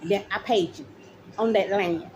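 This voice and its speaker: A woman's voice: mid-range voice, a little slow, darkish tone, dull audio, slight background noise. A middle-aged woman, a mother, ranting straight to the camera, accusing officials directly and repeating her points. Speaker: mother speaking out. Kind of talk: angry direct-to-camera rant.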